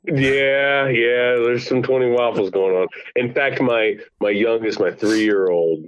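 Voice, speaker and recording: A middle-aged man chatting as a podcast guest over the phone, telling family stories in an animated, laughing way. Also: mid-range voice, slow, no room sound. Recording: dull lo-fi phone line.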